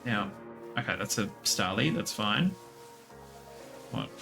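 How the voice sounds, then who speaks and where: A man's voice: expressive, takes it slowly, vocal fry, over music. A man giving casual, playful commentary while playing a video game, cooing at the creatures he meets. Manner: playful, squeaks high at creatures. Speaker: gaming streamer.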